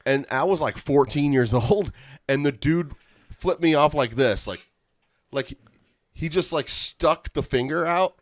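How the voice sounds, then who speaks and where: A man's voice: a little high, unhurried, no echo. A man hosting a casual podcast chat, laughing often and rambling through stories with lots of fillers. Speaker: podcast host.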